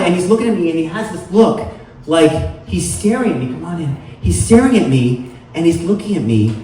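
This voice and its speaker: A man's voice: sits high, expressive, a little fast, dark tone, far from the mic. A middle-aged man hosting a live storytelling show, rambling with many fillers and self-deprecating humor. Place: live venue with audience. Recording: echoey room heard from afar, faint noise.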